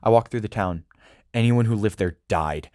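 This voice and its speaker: A man's voice: lowish voice, normal speed, a little mellow, dry recording, clean studio sound. A man reading a first-person story aloud, earnest and with small stumbles. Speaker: audiobook reader.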